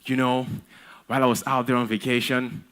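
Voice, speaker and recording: A man's voice: mid-range voice, little pitch movement, fairly quick, a bit bright, clear, resonant tone, natural voice. A man voicing an eager young son, gushing to his parents about his dream. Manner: gushing, breathless enthusiasm.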